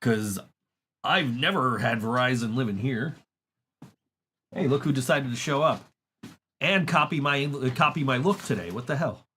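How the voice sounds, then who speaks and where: A man's voice: medium pitch, moderate pace, pauses often, fairly bright tone, slight background noise. A man hosting a podcast, telling a long story in a casual, profane way and laughing often. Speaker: podcast host. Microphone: studio microphone.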